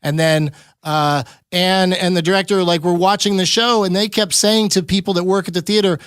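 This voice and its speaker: A man's voice: high-pitched, steady tone, moderate pace, fairly bright tone, smooth, no echo, clean studio sound. A man hosting a podcast, telling stories in a wry, joking way and laughing often. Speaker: podcast host. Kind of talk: casual interview chat.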